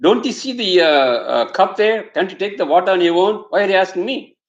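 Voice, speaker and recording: A man's voice: high voice, fairly quick, voice pushed up, natural voice. A man voicing an irritated mother who snaps at her child. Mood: snapping. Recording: echoey room, slightly dull sound.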